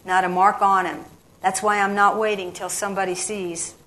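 A woman's voice: medium pitch, flat delivery, moderate pace, fairly bright tone, lightly acted, poor audio. A woman voicing a reckless, boastful young man who owns a racehorse, in curt, brash talk in a storybook reading. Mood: low secretive.

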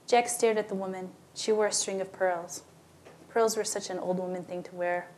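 A woman's voice: mid-range voice, steady tone, normal speed, darkish tone. A woman narrating a story aloud, lightly giving voice to the characters in plain storytelling. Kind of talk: scripted narration.

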